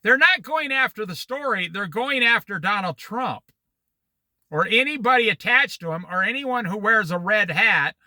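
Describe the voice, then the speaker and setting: A man in his sixties leading a Bible study, reading scripture and wandering into opinionated, animated asides and stories. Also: high voice, moderate pace, no echo. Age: 60s. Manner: opinionated, digressive, animated storytelling. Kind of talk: Bible study teaching with commentary.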